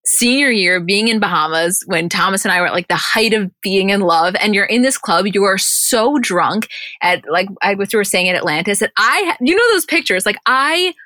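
A woman co-hosting a podcast, chatting excitedly and swearing as she retells TV scenes. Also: mid-range voice, normal speed, dry recording. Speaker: podcast co-host. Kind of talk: casual chat recap.

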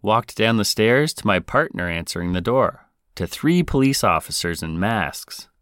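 A man's voice: fairly low pitch, animated, moderate pace, hardly any pauses, a bit bright, clear, resonant tone, dry recording, clean studio sound. A man hosting a podcast, reading out a listener's confession in a playful, casual way. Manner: playful, breaks into singing. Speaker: podcast host.

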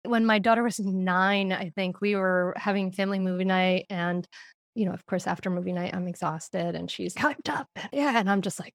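A middle-aged woman speaking as a podcast guest on parenting, telling stories in an animated way and laughing often. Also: medium pitch, moderate pace, no echo, clean studio sound. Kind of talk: conversational interview.

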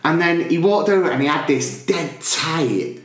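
A man's voice: a little high, animated, measured pace, a bit bright. A man co-hosting a podcast, telling stories animatedly in casual chat and laughing often. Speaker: podcast co-host. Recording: roomy echo.

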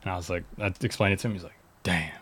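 A young pro skateboarder from Reading, Pennsylvania tells a story as a guest, laid-back and slangy, packed with fillers. His deep voice holds a steady tone while he races along, with crowd noise in the background.

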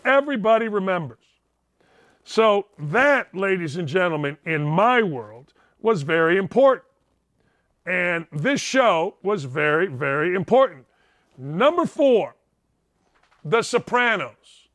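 A man's voice: high voice, no echo, clean studio sound. A man hosting his own show from home, talking straight to his audience in a casual monologue, emphatic and repeating lines for punch. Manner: emphatic, repeats lines for punch, keeps calling out "ladies and gentlemen". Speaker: show host.

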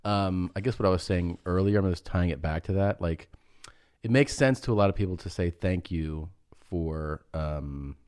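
Very low-voiced man chatting casually. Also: moderate pace, clear, resonant tone. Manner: relaxed, rambling with fillers and restarts. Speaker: podcast guest, host's husband. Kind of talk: casual chat.

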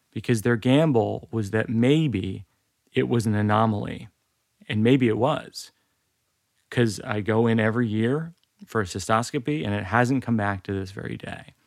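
A man's voice: on the low side, no room sound. A man in his forties, a podcast host, reading a personal story aloud in a dry, wry way with self-aware asides. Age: 40s.

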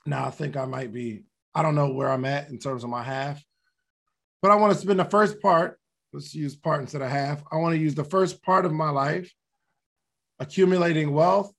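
A man's voice: fairly high pitch, gravelly. A man hosting a podcast, giving casual motivational talk, repeating his key questions and laughing at himself. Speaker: podcast host.

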